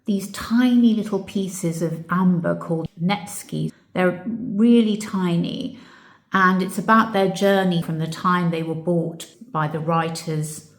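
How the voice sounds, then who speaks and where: A woman's voice: lowish voice, fairly even intonation, slow. A woman vlogger answering viewer questions in a casual, reflective chat that turns emotional. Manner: warm, reflective, gets emotional. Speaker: channel host. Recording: echoey room.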